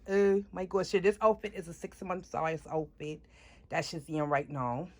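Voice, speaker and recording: A woman's voice: fairly low pitch, normal speed. A woman casually telling her life story to camera, chatting with viewers and checking in with them often. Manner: animated retelling, voices shift up and down. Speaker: doll hobby vlogger.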